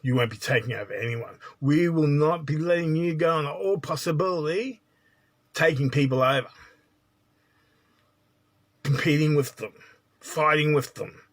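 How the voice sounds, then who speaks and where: A man's voice: on the high side, normal speed, long pauses. Blunt lecturing man. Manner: blunt, lecturing, repeats "right?". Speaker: spiritual teacher. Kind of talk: spiritual monologue.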